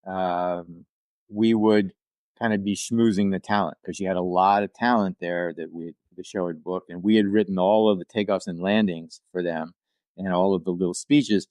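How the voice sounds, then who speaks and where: Older man, low dry storyteller voice. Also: a little mellow, dry recording. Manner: rambling storyteller with restarts and asides; acts out quoted people in livelier voices. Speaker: podcast guest, actor and writer. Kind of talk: casual anecdote-telling.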